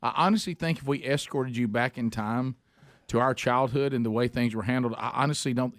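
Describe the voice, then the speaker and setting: A man's voice: mid-range voice, a little fast, dry recording. A man co-hosting a radio show, telling childhood stories in casual banter and laughing often. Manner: lively storyteller, laughs often.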